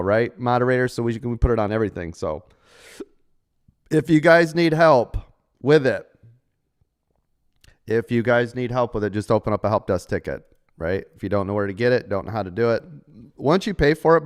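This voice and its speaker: Smooth-voiced middle-aged male trading coach. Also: mid-range voice. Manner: chatty, salesy, jokey with frequent rhetorical "right?". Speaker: trading coach hosting a live stream. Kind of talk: casual live-stream talk to members.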